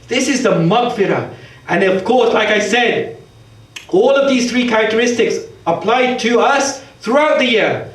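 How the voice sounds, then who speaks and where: Male preacher, high voice, gentle earnest sermon, heard from far off in a big echoing hall. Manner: explains verses point by point, gentle and earnest. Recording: echoey hall recording from far off.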